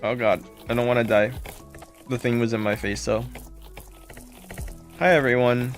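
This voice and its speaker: A man's voice: mid-range voice, fairly even intonation, normal speed, faint music behind. A man streaming a game live, chatting casually and greeting viewers by name with repeated thanks.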